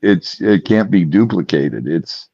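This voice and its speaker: Low-voiced heartfelt man, muffled sound. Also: lively intonation, a little slow, vocal fry, darkish tone, slightly rough, dry recording. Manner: effusive and heartfelt. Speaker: co-host. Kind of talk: live stream chat.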